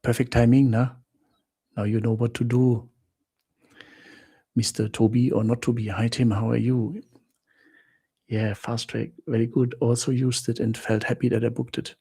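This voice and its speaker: A man's voice: mid-range voice, level tone, normal speed, long pauses, dark tone, husky. A man hosting a travel live stream, chatting with viewers in simple non-native English, greeting them by name and laughing often. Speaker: travel channel host.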